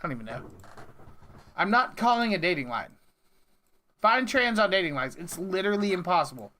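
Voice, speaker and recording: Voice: medium pitch, very animated, brisk, pushed and bright. A streamer ranting casually to chat in an exasperated, rambling way, with swearing, at a desk mic at home. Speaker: prank call streamer.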